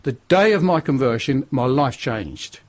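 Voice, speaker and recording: A man's voice: medium pitch, expressive, a little slow, darkish tone. An older man from northern England, a radio interview guest telling his testimony in a forthright, preachy way.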